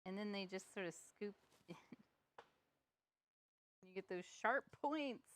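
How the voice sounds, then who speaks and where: A woman teaches painting in a live tutorial, going step by step and taking her time. Her mid-range voice is a bit bright, her manner chatty, playful, and self-mocking, with slight noise in the background.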